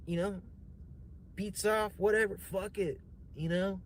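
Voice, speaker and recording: A man's voice: sits high, a little slow. Young guy ranting a wild story on stream, lots of cussing and "right?", bit of room noise. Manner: profane, rambling, animated retelling with many fillers. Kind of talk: casual storytelling to a livestream chat.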